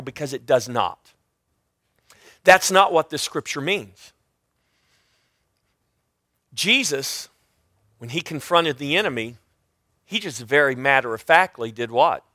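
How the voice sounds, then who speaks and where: A high-pitched man preaching with a loud, emphatic delivery, his voice bright and forceful. He often restarts his sentences as he teaches from scripture. The sound is dry and close, with no room echo. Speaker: Bible teacher. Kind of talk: sermon-style Bible teaching.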